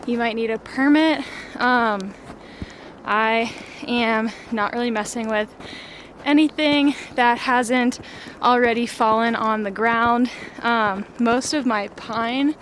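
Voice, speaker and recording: A woman's voice: fairly high pitch, slow pace, a little hiss or hum. A young woman talking casually while walking through a snowy forest, a bit breathless and chatty. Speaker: vlogger. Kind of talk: casual vlog narration.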